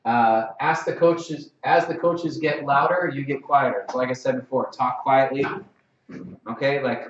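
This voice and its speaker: A man's voice: medium pitch, steady tone, a little slow, distant mic, a little hiss or hum. A man giving a conversational training lecture in a room, often checking in with "okay?" and acting out sample lines. He sounds roomy and set back from the mic. The dull live-stream audio has little sparkle. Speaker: lacrosse officials trainer. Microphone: distant mic.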